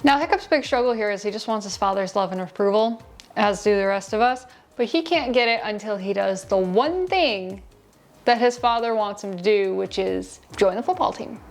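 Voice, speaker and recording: A woman's voice: mid-range voice, animated, normal speed. Sarcastic rambling woman movie reviewer. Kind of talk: casual video review. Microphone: lapel mic in shirt.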